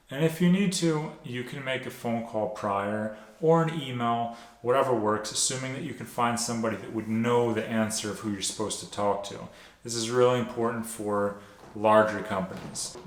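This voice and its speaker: A man giving direct-to-camera sales tips as a sales coach, explaining in an instructive way and often checking in with "right?". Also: medium pitch. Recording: echoey room.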